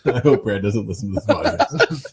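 A man's voice: on the low side, animated, normal speed. A man on a podcast in casual chat, playful and laughing a lot.

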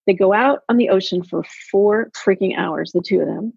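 A woman coaching in casual podcast chat, telling animated stories and acting out quotes. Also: medium pitch, moderate pace, gravelly, husky, dry recording. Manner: animated storyteller, acts out quotes. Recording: dull, dry lo-fi sound.

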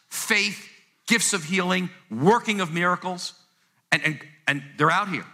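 During a live service in a church sanctuary, a male pastor delivers a conversational sermon to his congregation. His voice is high, bright and pushed, and he speaks emphatically, often repeating words to drive a point home.

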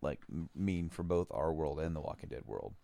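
A man's voice: extremely low pitch, animated, moderate pace, vocal fry, mellow, no room sound. A man co-hosting a podcast, recapping a comic in rambling casual chat. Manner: rambling, laughs often, full of fillers. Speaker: podcast co-host.

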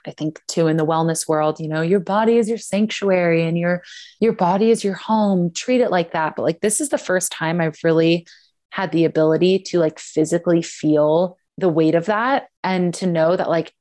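A young woman with a lowish, slightly mellow voice chats casually on a podcast. She tells a personal story candidly, peppering it with lots of "like" fillers.

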